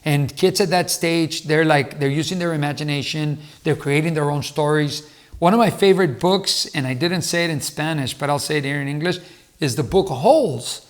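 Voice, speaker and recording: A middle-aged man speaks earnestly to camera in a casual advice talk, drawing on his years as a teacher. His voice sits a little high for a man, and he often stops and repeats words before going on. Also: moderate pace. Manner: earnest, repeats himself with restarts. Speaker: motivational speaker and former teacher.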